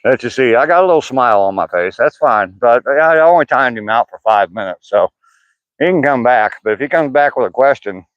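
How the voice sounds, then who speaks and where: A man's voice: mid-range voice, animated, brisk, no room sound, highs cut off. An older man chatting casually with live chat viewers by name on an outdoor walk, mentioning his sore hip. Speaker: vlogger reading live chat.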